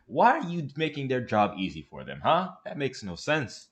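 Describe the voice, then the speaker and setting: A man's voice: mid-range voice, moderate pace. A man hosting a reaction video, chatting casually and emphatically as he comments on a clip. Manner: animated, emphatic, laughs along.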